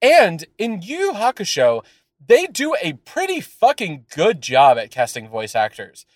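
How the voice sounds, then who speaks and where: This co-host's voice sits high and unhurried, captured in clean studio sound without room noise. He rambles and rants on a casual podcast, animated and profane, with plenty of fillers.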